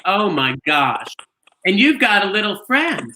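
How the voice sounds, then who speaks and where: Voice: mid-range voice, very animated, unhurried, sharp tone. A bingo host on a live stream from a trailer, chatty and gushing, rambling with lots of fillers. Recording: echoey room, faint noise.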